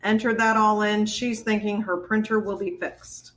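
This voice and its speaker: A woman's voice: medium pitch, level tone, normal speed, poor audio. Woman guest telling a story casually. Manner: conversational, with fillers and restarts. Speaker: podcast guest.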